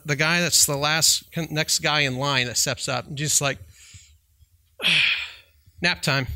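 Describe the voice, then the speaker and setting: This Christian counselor gives a casual, conversational faith talk, chuckling as he tells stories and repeatedly checking in with "right?". His voice sits a little high and sounds pushed and bright, with no room sound.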